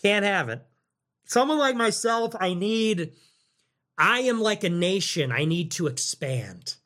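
High-voiced young man, rambling and crude. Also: animated, unhurried, fairly bright tone. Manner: profane, ironic and rambling, with mock voices for quoted people. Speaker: podcast host. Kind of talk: casual rambling monologue.

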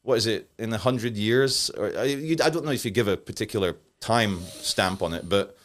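A man's voice: on the low side, moderate pace. A Scottish man chatting as a podcast guest, telling sardonic anecdotes with dry asides. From Scotland. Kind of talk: casual chat.

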